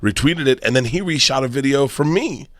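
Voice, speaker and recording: A man guest on a comedy podcast, telling loud, rowdy stories in casual banter and acting out other people's lines. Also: mid-range voice, expressive, fairly quick, no echo.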